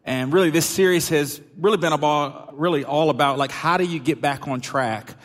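A middle-aged pastor, preaching a sermon in a loose, conversational way with lots of fillers. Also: male voice, fairly high pitch, moderate pace, a bit bright. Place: church sanctuary. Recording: hall reverb.

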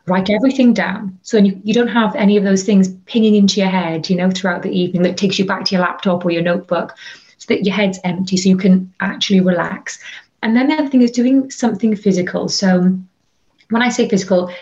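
A woman, a wellbeing and burnout coach, giving chatty, animated advice in an interview from her bedroom, with lots of fillers. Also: medium pitch, fast. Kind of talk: interview conversation. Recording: slightly dull lo-fi audio.

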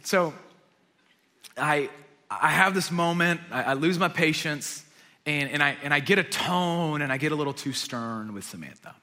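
A man in his thirties, a pastor giving a sermon, telling a family story and swinging from hushed asides to loud emphatic preaching. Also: on the high side, expressive, normal speed. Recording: long reverb of a large hall.

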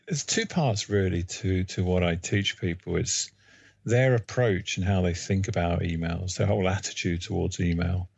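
A man answering interview questions as an email productivity trainer, measured and explanatory. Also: low voice, gravelly, a little mellow, breathy edge. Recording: dull, lo-fi sound.

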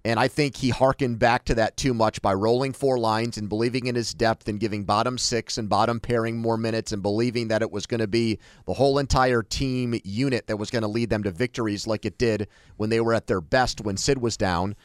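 A man's voice: on the low side, steady tone, a little fast, few pauses, dry recording, clean studio sound. A man co-hosting a sports talk show, giving strong opinions in casual debate with frequent restarts.

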